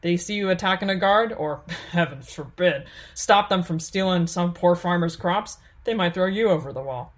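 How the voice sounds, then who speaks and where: A woman voicing a friendly, chatty bald man in an audiobook, talking in a loud, raised, folksy way. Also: lowish voice, moderate pace, lightly acted. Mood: warning.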